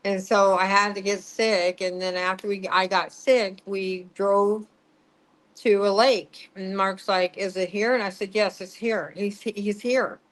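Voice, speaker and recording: A woman's voice: mid-range voice, fairly even intonation, measured pace, fairly bright tone, rough recording. A middle-aged woman, a psychic medium, telling a story in an interview, laughing, swearing and acting out what people said.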